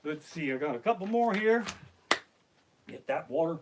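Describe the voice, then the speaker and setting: Live streaming from his living room on a basic home mic, a middle-aged man does profane, animated stand-up storytelling, voicing the other characters himself. His voice is a bit high, his pace moderate, and the background is noisy.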